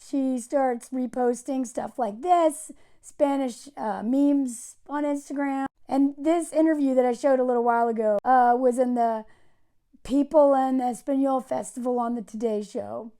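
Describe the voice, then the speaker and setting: A woman's voice: high-pitched, steady tone, a little slow, mellow. A woman giving casual, sarcastic video commentary, exasperated and mocking as she talks. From United States. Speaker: commentary vlogger.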